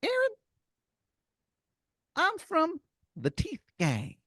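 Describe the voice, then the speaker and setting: A man voicing a grinning cartoon tooth creature who tempts with high, wheedling promises. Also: huge pitch swings, drawn-out words, pushed and bright, no room sound, studio quality, exaggerated voice.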